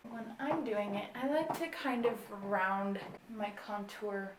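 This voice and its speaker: A woman's voice: a little high, a little hiss or hum. A woman in her twenties giving a casual makeup tutorial, explaining each step in an easygoing way with lots of filler words. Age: 20s. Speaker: beauty vlogger. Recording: roomy echo, faint ambience.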